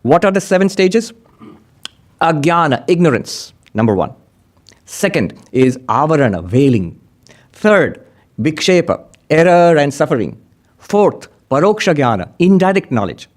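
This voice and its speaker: Brief: male spiritual teacher, fairly high voice, lively and emphatic delivery, teaching-talk pacing. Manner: animated, swinging between high emphatic and low quiet phrases.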